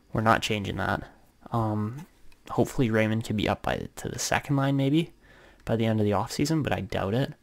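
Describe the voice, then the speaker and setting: A young man with a fairly low voice and a gravelly, creaky edge talks through his game in a relaxed way. He thinks aloud and fills pauses with ums and uhs as he plans. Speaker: gaming YouTuber. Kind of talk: casual gameplay commentary.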